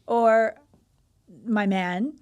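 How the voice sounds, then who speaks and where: A woman's voice: medium pitch, steady tone, drawn-out words, a little mellow, smooth, lo-fi sound. A middle-aged woman hosting a candid interview, talking frankly and emotionally, swearing casually, over a video call. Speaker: host.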